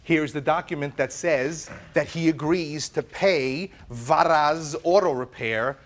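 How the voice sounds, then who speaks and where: A man telling his side of a dispute in a courtroom, in an animated way that often stumbles and repeats words. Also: a little high, takes it slowly, slight background noise. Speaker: plaintiff in a TV courtroom.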